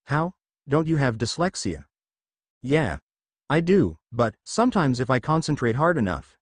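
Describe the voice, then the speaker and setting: A man's voice: mid-range voice, no echo. A man narrating a fan fiction adventure story aloud, reading every character in near his own voice.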